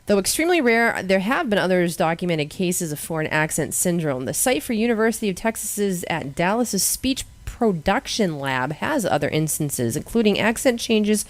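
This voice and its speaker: A woman's voice: medium pitch, very animated, normal speed, few pauses, dry recording. A woman with a Boston accent, co-hosting a casual talk show, reading odd news stories with sarcastic asides. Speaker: radio show co-host.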